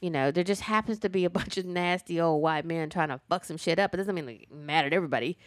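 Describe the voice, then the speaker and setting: A woman chatting casually about a TV show, animated and talkative with playful sass. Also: fairly low pitch, fast talker, no echo, clean studio sound. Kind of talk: casual chat reviewing a TV show.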